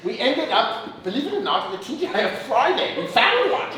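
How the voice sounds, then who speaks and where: Wisecracking high-voiced improv performer. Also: male voice, big pitch swings, normal speed, recorded from a distance, a crowd in the background. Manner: wisecracking, punning. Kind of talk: live improv comedy scene. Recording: echoey hall from afar with audience.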